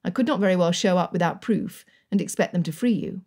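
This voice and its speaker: A woman reading the part of a jovial Regency colonel, joking yet firm with his cousin. The voice is mellow and a little breathy, like a storybook audiobook. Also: on the low side, fast talker.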